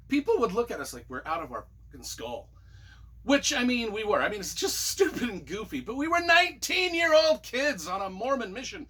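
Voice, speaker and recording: Book-reviewer vlogger from Utah, a man with a sharp, husky voice; casual and rambling. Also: high voice, a little fast. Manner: animated, rambling, with many fillers and asides. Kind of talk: casual personal storytelling.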